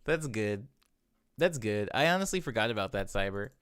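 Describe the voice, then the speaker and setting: A man's voice: fairly low pitch, sing-song, quick pace, a bit bright, clean tone, dry recording. A young man chatting casually while producing music in his studio, rambling and correcting himself with small laughs. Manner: rambling, chuckles between thoughts, self-correcting.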